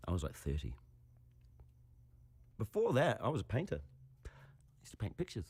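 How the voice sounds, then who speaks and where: A man with a New Zealand accent, joking about himself in a deadpan, self-mocking way. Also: lowish voice, normal speed, breathy edge, no room sound. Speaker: actor in a comic clip. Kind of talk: comic self-mocking monologue.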